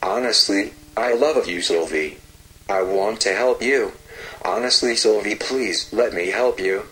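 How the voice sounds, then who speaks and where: A man's voice: lowish voice, unhurried, fairly bright tone, low-quality recording. A man voicing a lovesick green frog in a storybook tale, begging and pleading.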